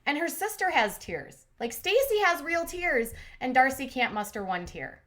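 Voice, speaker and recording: A woman's voice: high-pitched, big pitch swings, moderate pace, a bit bright. A woman hosting a commentary channel, recapping reality TV in a chatty, opinionated way and acting out quotes in voices.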